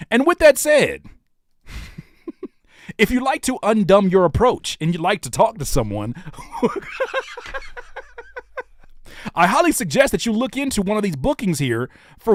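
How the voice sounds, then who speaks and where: A man in his thirties roasts a commenter in a mocking, teasing rant. His pitch leaps wildly from low mutters to high squeals. His voice sits a bit high and sounds close and dry. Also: no echo. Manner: mocking, teasing, with sudden loud outbursts. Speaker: rapper and YouTuber reacting to comments. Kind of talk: animated comedic rant.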